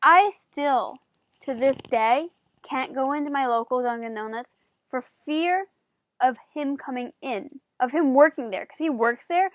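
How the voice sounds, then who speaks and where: So like a high-voiced woman telling a story to her camera, super chatty, fillers everywhere, dry mic. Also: a little slow, no echo. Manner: animated, chatty, many "like" fillers. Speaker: vlogger.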